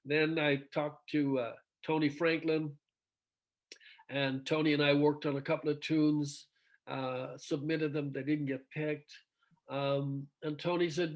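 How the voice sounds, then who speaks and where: A middle-aged man, a rock singer, chats on a video call with a slightly high voice. He spins anecdotes, acts out what others said, and laughs easily. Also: measured pace. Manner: animated storyteller, acts out quoted dialogue, laughs often. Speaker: singer, interview guest. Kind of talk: casual storytelling interview.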